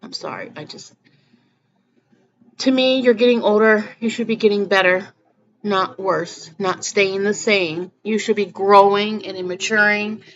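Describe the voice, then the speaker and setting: With a mid-range, fairly bright voice, a spiritual vlogger addresses her viewers earnestly, keeping a steady tone and measured pace. Her personal vlog rambles, and she frequently begins sentences again. The recording sounds a bit muffled, with faint noise behind her.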